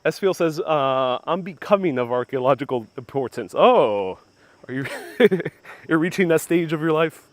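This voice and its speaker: A man's voice: fairly high pitch, animated, moderate pace, no echo. Male tour host, native Spanish speaker, chatty outdoor livestream on a phone with a clip-on mic. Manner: casual, reads viewer comments aloud, self-correcting. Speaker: travel vlog host. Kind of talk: live-stream walking tour commentary. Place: outdoors in old town streets. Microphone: phone on gimbal with clip-on mic.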